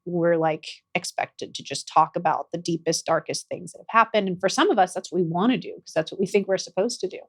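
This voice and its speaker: A young adult woman, guest on a podcast interview, speaking gently and earnestly about her healing work, at times getting emotional. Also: fairly low pitch, fairly quick, few pauses. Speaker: guest, somatic practitioner and author.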